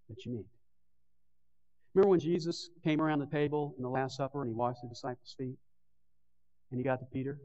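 A pastor giving a Sunday morning sermon, stressing key words and then dropping to a hushed, pleading tone. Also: male voice, medium pitch. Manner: earnest preaching, swinging between stressed bursts and hushed pleading. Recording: dull lo-fi sermon recording.

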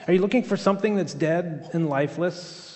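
A man's voice: high voice, brisk, a little mellow, in a large hall. A man preaching a sermon in an earnest, conversational way, often repeating words as he thinks aloud. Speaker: pastor.

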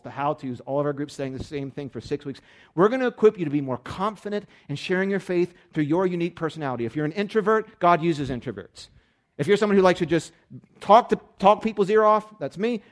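Man, middle-aged, preaching, rapid emphatic delivery, voice sits a bit high. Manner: animated and emphatic, swinging from loud to hushed; fast-talking. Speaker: pastor. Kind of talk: sermon.

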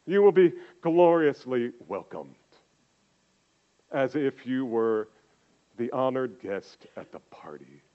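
An older man preaching a sermon, slow and emphatic, swinging from loud declarations down to quiet, intimate asides. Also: mid-range voice, expressive, highs cut off. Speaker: pastor.

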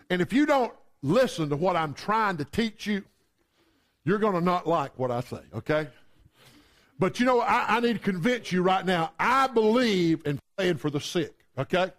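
Male preacher, high voice, chatty storytelling sermon style. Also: fairly bright tone. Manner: conversational, storytelling with humor.

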